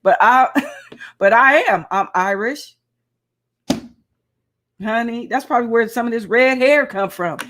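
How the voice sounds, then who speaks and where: A woman's voice: a little high, measured pace, long pauses, a little hiss or hum. Chatty woman live-streaming, calling listeners honey. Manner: animated, laughs often, calls listeners honey and child. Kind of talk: casual live chat.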